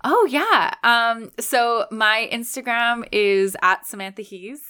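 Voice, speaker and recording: A woman's voice: on the high side, animated, takes it slowly, pushed and bright, smooth. A young Canadian woman co-hosting a podcast, chatting in an upbeat, agreeable way and often laughing. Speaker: podcast co-host. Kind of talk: casual podcast chat.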